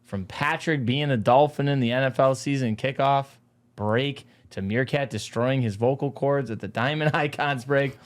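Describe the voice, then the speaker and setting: A man's voice: mid-range voice, moderate pace. A man hosting a talk show in a studio, chatting casually in an upbeat, hype-man manner. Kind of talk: casual chat.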